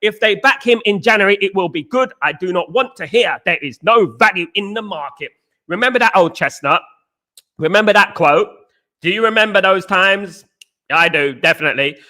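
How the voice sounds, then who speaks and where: A man's voice: high-pitched, expressive, moderate pace, pushed and bright. A young Englishman hosting a live football chat stream, talking animatedly, repeating phrases and greeting viewers. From England. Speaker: host.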